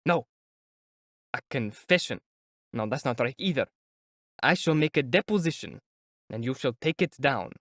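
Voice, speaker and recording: A man's voice: mid-range voice, expressive, normal speed, long pauses, fairly bright tone, dry recording, clean studio sound, natural voice. A man voicing a feverish young student who teases and taunts a clerk in an audiobook reading. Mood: mocking. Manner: taunting, teasing, then whispering.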